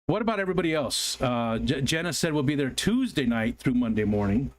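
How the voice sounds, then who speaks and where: A man's voice: medium pitch, sing-song, brisk. A man from the United States hosting a casual livestream, chatting and reading viewer comments aloud in a rambling, apologetic way with frequent ums and restarts. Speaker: livestream host.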